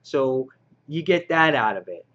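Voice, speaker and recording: A man's voice: medium pitch, big pitch swings, unhurried, a bit bright, highs cut off. Rambling man reviewing comics. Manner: rambling, frustrated, many fillers. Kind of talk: casual video review.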